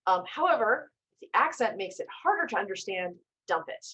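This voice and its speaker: A woman teaching a storytelling class on a video call, coaching with gentle reassurances and casual self-corrections. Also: mid-range voice, big pitch swings, brisk, breathy edge, low-quality recording. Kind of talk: live online class, instructive and conversational.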